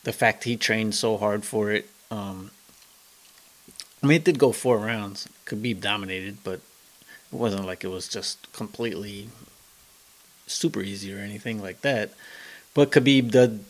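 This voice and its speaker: Low-voiced rambling podcast man. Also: a little slow, long pauses. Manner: rambling, retells quotes with many fillers. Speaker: podcast co-host. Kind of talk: casual chat.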